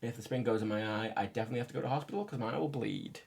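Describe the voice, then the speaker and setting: A man's voice: mid-range voice, very fast, vocal fry, a little mellow, breathy edge. A man chatting casually on a livestream while repairing a controller, joking, swearing and laughing often. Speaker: streamer.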